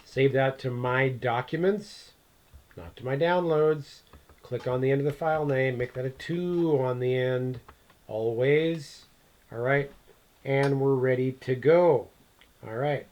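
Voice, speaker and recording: A male teacher talks his class through a software task in a screen-recorded lesson. His voice sits at an ordinary middle pitch, and he chats and thinks aloud as he hunts for menu options. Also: measured pace, rough recording. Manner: chatty, thinks aloud while clicking through steps.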